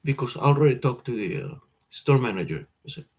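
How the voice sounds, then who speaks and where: A man rambles through a personal story, agitated, swearing, laughing often, and repeating words as he restarts sentences. His medium-pitched voice is expressive and a little fast, with a darkish tone and a breathy edge.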